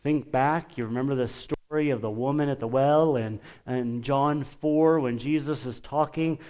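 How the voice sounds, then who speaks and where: A man preaching a sermon, emphatic and deliberate, pausing often and lifting his voice when quoting scripture. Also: medium pitch, darkish tone. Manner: lifts his voice for quoted scripture.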